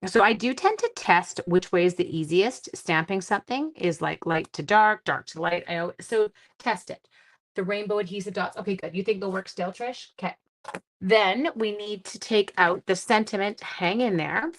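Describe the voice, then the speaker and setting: A woman's voice: mid-range voice, moderate pace. A woman hosting a live crafting stream from home, chatting casually and giggling at herself as she demonstrates stamping.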